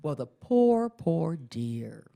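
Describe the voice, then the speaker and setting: A woman's voice: low voice, very slow, vocal fry. A middle-aged woman doing a stand-up comedy routine, telling stories animatedly and laughing often. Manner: animated storytelling, acts out voices, laughs often. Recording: live show with audience behind.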